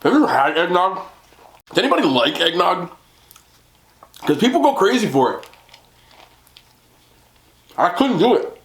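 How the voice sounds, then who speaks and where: A man's voice: sits high, sing-song, moderate pace, pauses often, fairly bright tone, slight background noise. Chatty young man eating on camera, roomy sound. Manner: chatty and self-deprecating, laughs often, talks while eating. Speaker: mukbang vlogger. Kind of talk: casual eating vlog chat. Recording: roomy home recording.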